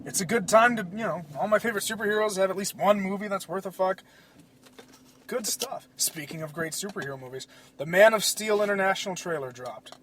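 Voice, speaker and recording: A man hosting a casual solo podcast, rambling in an excitable, profane way. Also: high voice, brisk. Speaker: podcast host.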